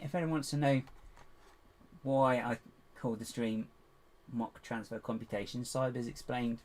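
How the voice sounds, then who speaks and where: Chatty man muttering while he builds. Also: mid-range voice. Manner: chatty, muttering to himself, self-mocking asides. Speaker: livestream host building toy bricks. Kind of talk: casual live-stream commentary while building. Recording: steady background hiss and keyboard noise.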